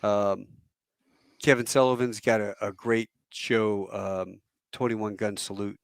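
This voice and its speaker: This podcast host, a former Marine pilot in his fifties, tells rambling, casual anecdotes and acts out quotes with animation. His fairly low voice is creaky yet smooth and slow, recorded at studio quality with no echo.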